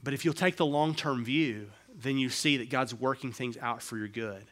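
A middle-aged male pastor preaching a sermon, swinging between quiet, low asides and raised, emphatic passages. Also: normal speed.

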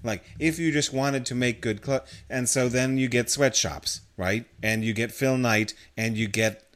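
A man co-hosts a casual podcast, talking through ideas at length in a thoughtful way. His voice sits in a mid range. He keeps up a steady, explaining flow. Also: mid-range voice, a little slow. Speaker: podcast co-host.

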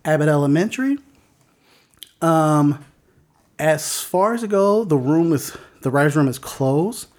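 A man's voice: a little high, animated, unhurried, long pauses, darkish tone. Rambling male podcast host. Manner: rambling, reads news aloud with fillers. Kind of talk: casual podcast chat.

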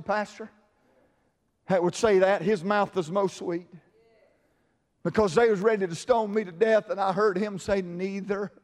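A male preacher delivering an impassioned sermon in a sing-song cadence, dropping to soft murmurs and rising to shouts. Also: high voice. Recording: long hall reverb.

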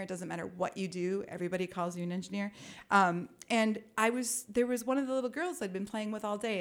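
A woman spins a personal story with lively, animated delivery, dropping wry asides as she goes. Her pitch sits in an ordinary middle range, neither high nor low. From Minnesota. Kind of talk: personal story told to an audience.

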